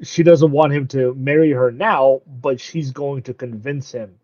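A man's voice: medium pitch, a little mellow, no echo. Man, casual recap, laughs often, acts out quotes, dry close sound, lo-fi. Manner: laughs often, acts out the characters' lines in quick asides. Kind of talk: casual chat recapping an anime. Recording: dull lo-fi dry recording.

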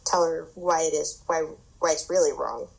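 Woman guest, lowish voice, husky, agreeable, casual chat. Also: steady tone, rough recording. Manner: agreeable, laughing, quick to chime in. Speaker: podcast guest.

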